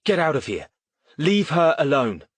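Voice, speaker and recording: A scared but defiant teenage boy, as a male narrator puts him on, pitched well above the reader's own low voice. His words tumble out before he thinks. The recording is dry and close. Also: big pitch swings, a little fast, slightly rough, no room sound. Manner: defiant, blurts when stressed. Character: frightened teenage boy with budding magic.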